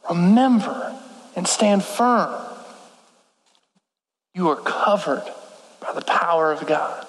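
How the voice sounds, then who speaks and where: Guy preaching, pretty high voice, super casual and slangy, big echoey hall. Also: a bit bright. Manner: casual, slangy, uses "like" often. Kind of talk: sermon. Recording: echoey hall with long reverb.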